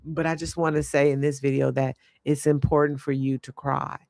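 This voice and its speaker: A woman life coach giving an earnest, reflective spiritual talk, often pausing and searching for her words. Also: a bass voice, flat delivery, vocal fry, darkish tone, no echo, clean studio sound. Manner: earnest, halting, searches for words mid-sentence.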